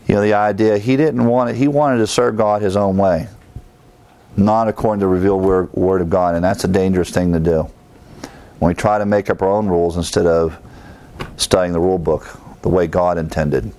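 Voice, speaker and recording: Male pastor, low-voiced, evening Bible teaching, dry close sound, lively commentary. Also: no echo. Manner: reads scripture aloud with plain-spoken commentary.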